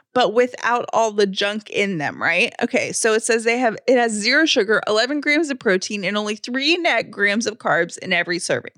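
A woman's voice: a little high, a bit bright, dry recording, studio quality. A woman co-hosting a podcast, chatting casually and reading an ad with enthusiasm. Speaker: podcast co-host. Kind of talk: casual chat and host-read ad.

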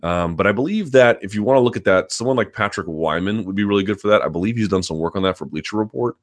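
Low-voiced man hosting a live chat. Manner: talks quickly and hedges, lots of ums and restarts; reads viewer questions aloud, then answers at length. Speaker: host. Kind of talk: live chat answering viewer questions.

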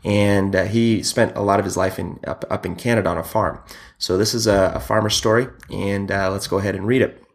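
A man's voice: lowish voice, steady tone, fairly quick, gravelly. A man who is a father and youth hockey coach, telling a story in an earnest, conversational way.

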